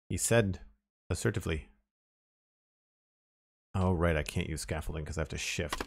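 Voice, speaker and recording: A man's voice: sits low, normal speed, gravelly, pauses often. A man streaming a survival game, thinking aloud and mumbling as he plays, trailing off with "uh" and reading chat now and then. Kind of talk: casual gameplay commentary.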